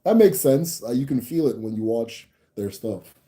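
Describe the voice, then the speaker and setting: A man hosting a livestream, answering viewer chat in a rambling, animated way with lots of fillers. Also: medium pitch, normal speed. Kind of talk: casual live chat.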